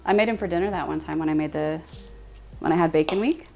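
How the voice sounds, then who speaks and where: A woman's voice: deep voice, fast talker, vocal fry. Chatty woman streamer with music behind. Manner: chatty, animated, laughs often. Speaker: live streamer. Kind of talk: casual live-stream chat with viewers.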